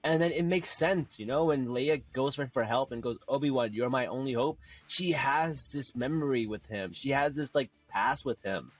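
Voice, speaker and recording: A man's voice: medium pitch, moderate pace, hardly any pauses, no echo. Enthusiastic man chatting on a podcast. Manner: enthusiastic, many fillers like "like" and "you know". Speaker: podcast co-host. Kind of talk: casual chat.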